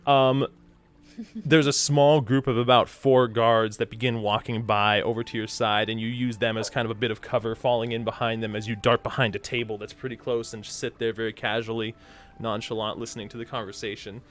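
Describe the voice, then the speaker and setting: A man narrating as game master of a tabletop game in a relaxed way, with frequent fillers. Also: medium pitch, a little fast.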